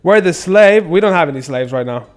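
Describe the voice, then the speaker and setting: A man streaming a game live, chatting casually with viewers, excitable and swearing often. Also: on the high side, a little fast.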